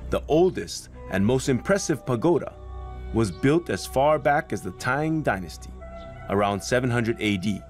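A man's voice: mid-range voice, expressive, moderate pace, a little mellow, faint music behind. A man hosting a documentary, narrating his training and speaking candidly in interviews with an earnest, self-deprecating manner. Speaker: documentary host training at a temple.

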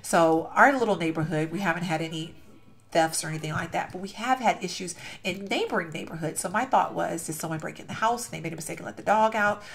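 A woman's voice: on the low side, fast talker, vocal fry. A young woman hosting a game channel, gushing over a build while telling a rambling story and getting sidetracked. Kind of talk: casual gameplay commentary and storytelling.

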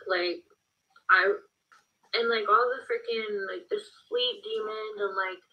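A woman's voice: on the high side, very animated, a little slow, dull audio. A woman rambling in a casual vlog with many fillers, trying snacks. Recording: distant mic.

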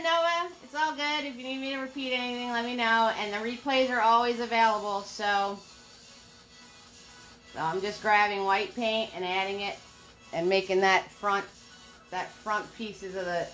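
A woman's voice: medium pitch, steady tone, normal speed, fairly bright tone, soft background music. An older woman giving a live painting lesson, upbeat, chatty and encouraging. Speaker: painting instructor.

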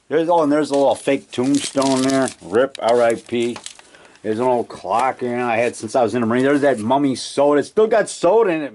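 Rambling man touring his basement. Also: on the high side. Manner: rambling, self-correcting, chuckling. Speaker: filmmaker and vlogger. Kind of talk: rambling casual show-and-tell. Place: home basement. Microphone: handheld camcorder mic.

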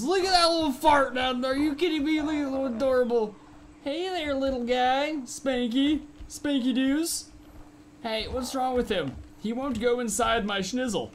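Excitable high-voiced young man gaming. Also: slight background noise. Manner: excitable, goofy, rambling, breaks into loud outbursts. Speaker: gaming YouTuber. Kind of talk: game commentary. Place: home gaming setup. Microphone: studio microphone.

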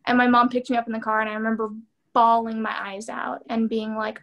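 Thirtyish woman, therapist being interviewed, kinda high voice, earnest and chatty, lots of likes and you knows. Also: fairly quick, creaky. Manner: earnest and animated, many fillers. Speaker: interview guest, PhD student and therapist. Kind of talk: candid conversational interview.

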